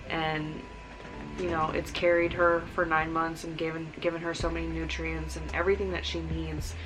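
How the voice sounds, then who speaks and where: A woman's voice: deep voice, rough recording. A young woman, a new mother, talking earnestly in a casual vlog, rambling with fillers and near tears. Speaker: vlogger, new mom. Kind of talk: casual heartfelt vlog talk.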